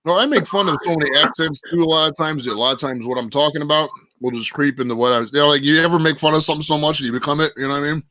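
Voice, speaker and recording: A man's voice: on the high side, steady tone, rapid-fire, few pauses, sharp tone, a little hiss or hum. A man in his forties with a Boston accent, rambling crudely and swearing through a casual livestream chat. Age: 40s. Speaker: stream host.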